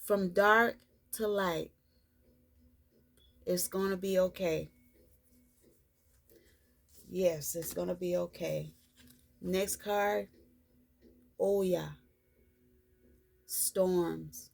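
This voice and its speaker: A woman giving a spiritual card reading to her viewers, repeating her reassurances in an unhurried, soothing way. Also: on the low side, steady tone, gravelly. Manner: slow, repetitive, reassuring delivery. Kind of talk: tarot-style card reading vlog.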